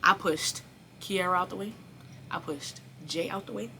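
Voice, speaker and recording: A young woman telling a storytime vlog, animated and profane, speaking straight to her viewers. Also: fairly low pitch, normal speed, a little hiss or hum. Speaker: vlogger.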